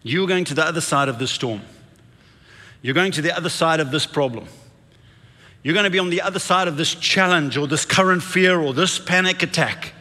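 Impassioned preacher with bright, soaring voice. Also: male voice, fairly high pitch, fairly quick, big-room sound. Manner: impassioned, dramatic build-ups with congregation call-and-response. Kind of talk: sermon.

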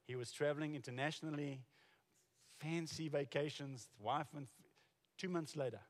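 A man's voice: on the high side, moderate pace. A man in his forties or older, a pastor preaching a sermon and telling stories conversationally, with frequent restarts. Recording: reverberant hall.

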